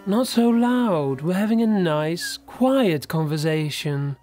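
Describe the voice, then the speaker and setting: A man putting on a slow, cold, mocking villain. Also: sits high, lively intonation, a little mellow, faint music behind. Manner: slow, cool, mocking drawl. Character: cold menacing young man, calm villain toying with his old friend.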